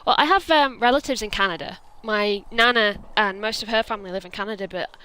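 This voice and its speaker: A woman's voice: medium pitch, fast, pushed and bright, clean tone, dry recording. Chatty young woman with a Welsh accent. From Wales. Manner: chatty, jokey. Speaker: let's play host. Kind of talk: casual gaming commentary.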